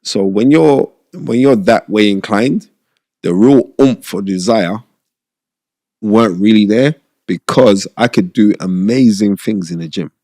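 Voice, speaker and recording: A middle-aged man talks in a low, gravelly voice that crackles with fry. He tells his stories with animated emphasis, circling back on phrases and checking in with his listener. The sound is dry and close, with no room around it. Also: measured pace, dry recording. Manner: animated, emphatic, repeats phrases for effect, frequent "you know what I mean". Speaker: podcast host sharing his boxing past. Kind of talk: conversational storytelling.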